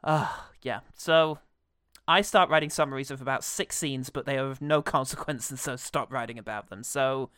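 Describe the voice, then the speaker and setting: A man's voice: mid-range voice, moderate pace, fairly bright tone, clear, resonant tone, dry recording, studio quality. A man co-hosting a podcast in casual chat, playful and sarcastic, laughing often. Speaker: podcast co-host.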